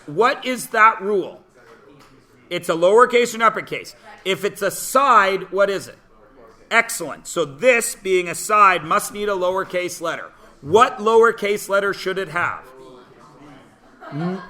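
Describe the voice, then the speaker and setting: Man, math teacher, high voice, slow unhurried delivery, teasing, quizzes the class. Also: sharp tone. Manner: playful, sarcastic, quizzes students. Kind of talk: classroom lecture.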